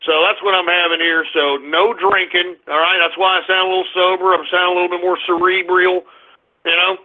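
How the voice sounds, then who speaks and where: A man's voice: high voice, level tone, brisk. A man hosting an internet radio show, giving a market rundown in a brash, crude, mocking ranting style. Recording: phone-like lo-fi audio.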